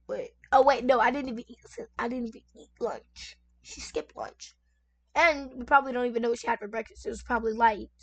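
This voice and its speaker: Chatty high-voiced woman reading stories. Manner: chatty, talks straight to viewers with many asides. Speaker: content creator reading online stories. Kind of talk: casual story reading and reacting. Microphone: desk microphone at lowered sensitivity.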